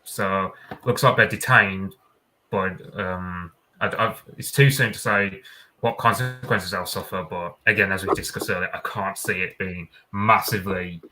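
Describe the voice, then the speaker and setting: A man with a Black Country accent talks in a low, sharp and tense voice. He rambles through the news with restarts, fillers and casual swearing. He speaks into a home mic on an online call. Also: steady tone, unhurried, faint music behind, poor audio. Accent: Black Country English. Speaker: panelist on a live talk stream. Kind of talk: casual chat.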